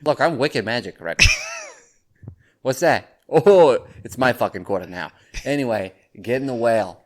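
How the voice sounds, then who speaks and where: A man putting on the voice of a brash, swaggering Boston bro heckler with a Boston accent, loud and cocky. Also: medium pitch, lively intonation, a little slow.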